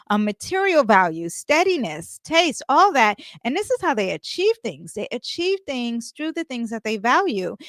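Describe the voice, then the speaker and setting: A woman giving a casual astrology and tarot reading, chatty and animated, with many fillers and asides. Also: fairly high pitch, dry recording, clean studio sound.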